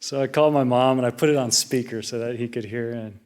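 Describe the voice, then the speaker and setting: A young man, a junior Buddhist monk, tells a personal story in a relaxed, rambling way. He uses many fillers and restarts. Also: medium pitch, fast. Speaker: junior Buddhist monk giving a Dhamma reflection. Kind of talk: casual personal storytelling talk.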